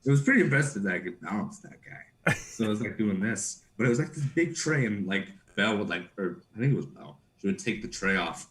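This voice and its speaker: A man's voice: lowish voice, lively intonation, a little fast, fairly bright tone. A young man, a guest actor, chatting casually and playfully on a live stream, giggling and dropping into silly accents.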